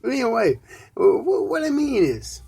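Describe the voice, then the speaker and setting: A man hosting a solo live podcast, ranting in a rambling, profane way, swinging from loud outbursts to low mumbles. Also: wildly swooping pitch, unhurried, vocal fry, breathy edge. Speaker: podcast host.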